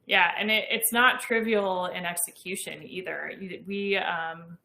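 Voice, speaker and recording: A woman's voice: fairly low pitch, fairly even intonation, a little slow, creaky, pushed and bright, reverberant, poor audio. A woman in her thirties, an astronaut guest, explaining her training with enthusiasm in a conversational interview.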